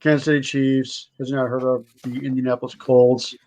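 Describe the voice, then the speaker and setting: Brief: quick-talking co-host, man, mid voice, incredulous. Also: mid-range voice, level tone, a little mellow. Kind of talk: casual sports podcast banter.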